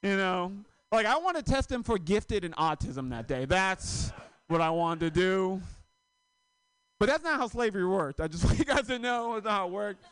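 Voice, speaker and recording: A man in his thirties from Florida doing a stand-up comedy set on a club stage, telling stories in an animated, profane, self-mocking way. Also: high voice, moderate pace, clean tone, no echo. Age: 30s.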